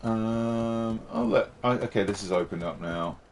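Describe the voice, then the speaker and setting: A man's voice: fairly low pitch, a little slow, slight background noise. A man streaming a game, chatting casually in a playful, jokey, rambling way. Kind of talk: casual gameplay chat.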